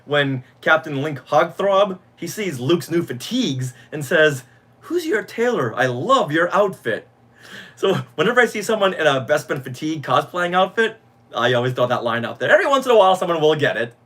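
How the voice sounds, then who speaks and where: A man's voice: fairly high pitch, very animated, fairly quick, a bit bright. A middle-aged man co-hosting a podcast, telling nostalgic stories with enthusiasm. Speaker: podcast co-host. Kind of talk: casual fan podcast chat.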